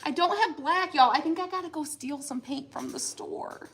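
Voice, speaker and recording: A woman's voice: sits high, normal speed. A woman chatting casually on a craft livestream, giggly and talkative, saying "y'all" often. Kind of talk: casual livestream chat while painting. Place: home craft room.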